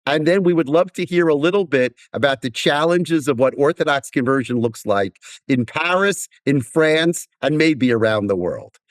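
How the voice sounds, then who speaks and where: Lively man hosting a podcast. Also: on the high side, normal speed, dry recording. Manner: formal, welcoming. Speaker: rabbi, podcast host. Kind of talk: scripted podcast introduction.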